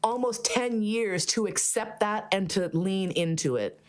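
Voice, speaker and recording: Profane, animated woman podcast host. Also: mid-range voice, measured pace. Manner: profane, animated, laughs often. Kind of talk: casual storytelling chat.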